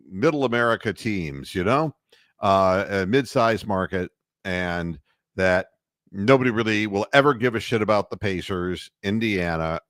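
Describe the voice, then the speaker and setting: A man hosts a casual sports talk show, his pitch leaping around as he mocks what he saw. The sound is dry and close to the mic. He laughs as he talks and slips into jokey voices. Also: no room sound. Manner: animated, mocking, laughs while talking; puts on announcer and referee voices. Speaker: sports talk radio host.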